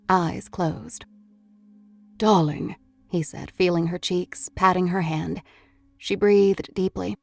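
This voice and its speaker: A woman's voice: on the low side, gravelly, darkish tone, dry recording. A woman reading a horror novel aloud as an audiobook narrator, in a scripted storytelling manner.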